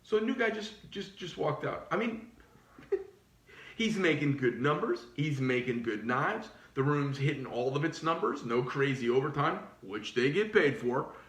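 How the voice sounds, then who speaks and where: A man's voice: on the high side, moderate pace, roomy sound. A middle-aged man, a knife shop owner, ranting casually with lots of profanity and restarts. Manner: profane, animated, rambling with restarts. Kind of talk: casual rant.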